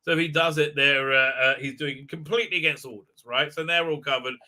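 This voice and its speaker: Bright-voiced man ranting on a live stream. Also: fairly high pitch, steady tone, brisk. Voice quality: frequent filler sounds and restarts, heated, indignant. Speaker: show host. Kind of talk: live stream commentary and show recap.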